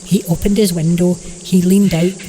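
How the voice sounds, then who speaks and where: A man telling a rambling comic story in a deadpan, meandering way. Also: high voice, moderate pace, long reverb tail, a little hiss or hum.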